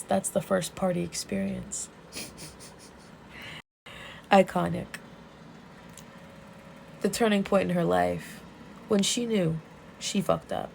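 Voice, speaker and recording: A young woman vlogger casually recapping a comic plot, animated, swearing and laughing as she goes. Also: on the low side, creaky, a little hiss or hum, low-quality recording. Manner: animated, profane, laughing storyteller.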